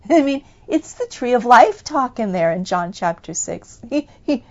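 A woman preaching a sermon in a fervent, emphatic way, breaking into loud bursts. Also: on the high side, big pitch swings, a little slow, dull audio.

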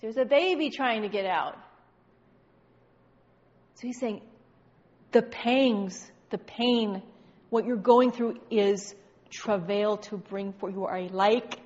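A woman preaching a sermon, firing off rapid rhetorical questions with a teasing edge. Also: mid-range voice, darkish tone. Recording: dull recording with long hall reverb.

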